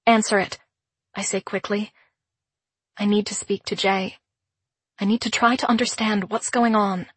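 A woman narrating a first-person audiobook in a measured, introspective way. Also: mid-range voice, steady tone, breathy edge, no echo.

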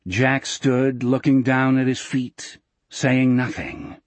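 A man narrating an audiobook in a measured, dramatic storytelling manner. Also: mid-range voice, level tone, dry recording.

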